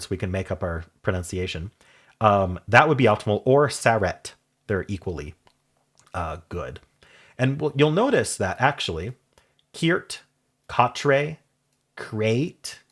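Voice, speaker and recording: A man's voice: lowish voice, a bit bright, slightly rough. A man casually explaining word-game statistics in a chatty, curious way, with ums and self-corrections. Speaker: puzzle video creator. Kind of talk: casual explainer talk over screen.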